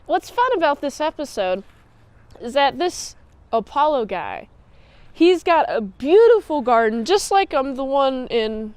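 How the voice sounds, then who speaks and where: A woman's voice: high-pitched, very animated, measured pace, darkish tone, clean tone, no echo. A young woman casually recapping and reviewing TV episodes, chatty and giggly, with lots of filler words and restarts.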